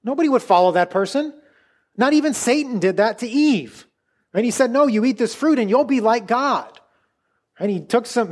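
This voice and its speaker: Brief: male pastor with a high voice, chatty sermon delivery full of asides. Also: a little mellow. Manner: conversational, with many restarts and asides.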